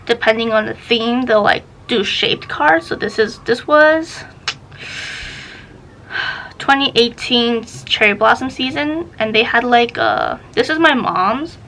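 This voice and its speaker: A woman's voice: fairly high pitch, animated, takes it slowly, a bit bright, a little hiss or hum, low-quality recording. A young woman chatting casually as a book vlogger, rambling and sidetracked while she films herself on camera. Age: young adult. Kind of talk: casual vlog chat. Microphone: camera facing her, self-filmed.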